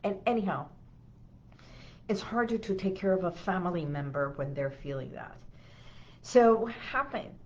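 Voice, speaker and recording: A woman's voice: fairly low pitch, expressive, normal speed, long pauses, muffled recording, slight background noise. A middle-aged woman hypnotherapist gives a self-help talk, telling a personal story and often checking in with the listener with an "okay?".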